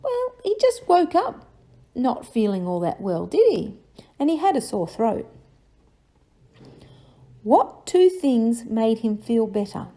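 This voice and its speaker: Woman, children's teacher, lively sing-song pitch, slightly high, unhurried. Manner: encouraging, sing-song tag questions. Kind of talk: story review questions for children.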